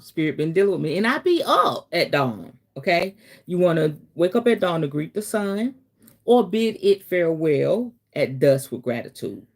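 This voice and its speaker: A woman with a somewhat low voice hosts a relaxed teaching stream. She talks directly to her viewers in an easy, chatty way. Now and then she breaks into dramatic, animated asides. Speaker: host, spiritual teacher. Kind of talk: casual livestream teaching.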